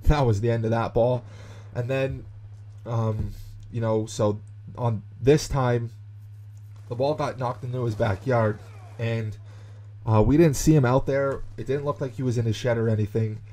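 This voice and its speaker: Young man telling a story, mellow voice. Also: mid-range voice, a little slow. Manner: animated, chatty storytelling with many fillers. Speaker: gaming YouTuber. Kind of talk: storytelling commentary over gameplay.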